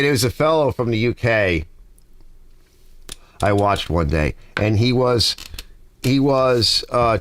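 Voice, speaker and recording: A middle-aged man hosting a garage livestream, chatting casually, reading viewer comments and rambling through stories. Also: lowish voice. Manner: rambling, talkative storyteller.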